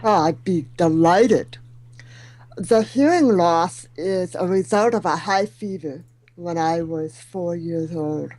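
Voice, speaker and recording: A middle-aged woman guest whose speech is shaped by hearing loss, with high sounds softened or missing, telling her story with self-deprecating humor. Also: slow, dry recording, rough recording. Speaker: guest speaker. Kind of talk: talk show interview.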